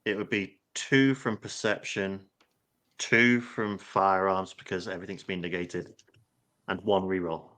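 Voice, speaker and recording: A man's voice: low-pitched, fairly even intonation, a little slow, fairly bright tone. A man playing a tabletop game, methodically talking through his actions and dice rolls. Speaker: player.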